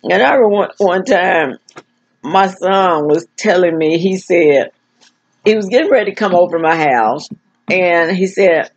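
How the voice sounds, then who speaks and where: A woman's voice: lowish voice, normal speed. An older woman talking frankly to her camera, with effortful speech that stumbles and repeats while she searches for words. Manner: frank, plain-spoken. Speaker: vlogger. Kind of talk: casual personal talk to camera. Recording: dull lo-fi recording.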